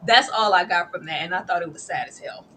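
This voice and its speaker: Bright-voiced emphatic woman host. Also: on the low side, fast, a little hiss or hum. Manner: animated, emphatic, slangy. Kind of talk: casual chat.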